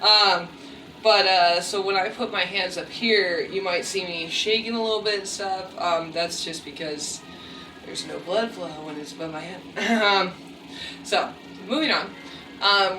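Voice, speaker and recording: This fitness vlogger has a mid-range, sharp voice, and the recording carries a little hiss or hum. She rambles casually through her workout with plenty of fillers and self-mocking remarks, captured from afar in an echoey room with faint music.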